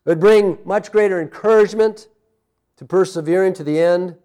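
A man's voice: high-pitched, moderate pace, dark tone. A man preaching a sermon as a pastor, conversational, with personal asides, laughs and calls of amen.

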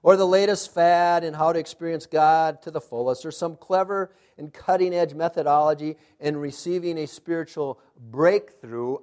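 A man preaching a sermon, emphatic, asking the congregation to fill in words and dropping to hushed, intense asides. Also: sits high. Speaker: pastor.

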